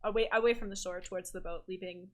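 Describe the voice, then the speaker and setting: A woman's voice: mid-range voice, steady tone, quick pace. A woman narrating as game master of a tabletop game, rambling and self-correcting as she goes.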